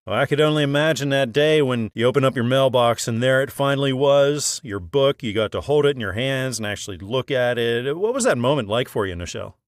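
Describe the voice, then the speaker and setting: A man's voice: medium pitch, fairly quick, few pauses, no room sound. A man hosting an author interview, encouraging and friendly, laughing along with his guest. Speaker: podcast host.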